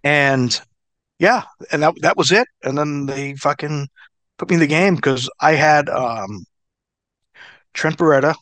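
A man's voice: fairly high pitch, unhurried, long pauses, no echo. A middle-aged man, a former wrestler, telling stories in a casual interview, swearing often and laughing between bits. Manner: profane, laughing, animated storyteller. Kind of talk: casual storytelling.

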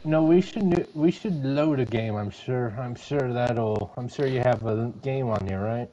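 Brief: man co-hosting a playthrough, unhurried, mellow tone, teasing and halting. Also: medium pitch, dull audio. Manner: hesitant, teasing, trails off. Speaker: co-host playing the game. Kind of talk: casual gameplay chat.

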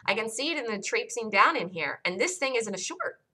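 Woman running a trading room chart review, bright voice, keeps repeating herself for emphasis. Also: a little high, expressive, fairly quick, low-quality recording. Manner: emphatic and repetitive, asks listeners questions. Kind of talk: live stock chart review.

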